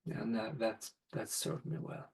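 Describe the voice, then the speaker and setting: A man talking as a podcast guest and father, in a gentle, thoughtful, unhurried conversation. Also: rough recording. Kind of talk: reflective conversation.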